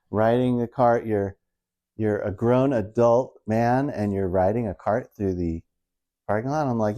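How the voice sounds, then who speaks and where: A man's voice: lowish voice, unhurried, mellow. A middle-aged man doing casual stand-up storytelling, rambling and self-mocking as he retells everyday married life. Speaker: stand-up comedian.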